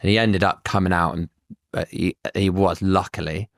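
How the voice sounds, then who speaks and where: Bloke, lowish voice, swears a lot telling work stories, dry close mic. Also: male voice, normal speed, no room sound. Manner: blunt, swears freely, lively anecdotes. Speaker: surveyor. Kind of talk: casual podcast chat, storytelling.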